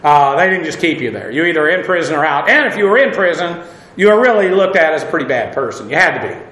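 A man's voice: a little high, very animated, quick pace, a bit bright, echoey room. A man preaching a casual sermon, chatty, with wry asides and many fillers.

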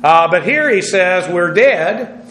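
A man with a high voice teaches from the pulpit and works through Greek terms one letter at a time. He pauses often with "uh" as he goes. The room is echoey, with a faint hum underneath. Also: lively intonation, a bit bright. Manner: spells out Greek words letter by letter, many "uh" pauses. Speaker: pastor teaching a Bible study. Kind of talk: expository sermon.

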